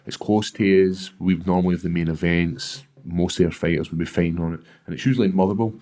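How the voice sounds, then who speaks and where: Low-voiced Scottish man telling stories. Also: quick pace. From Scotland. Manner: animated storyteller who acts out other people's voices and swears freely. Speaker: guest, professional fighter. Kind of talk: casual storytelling in a podcast interview.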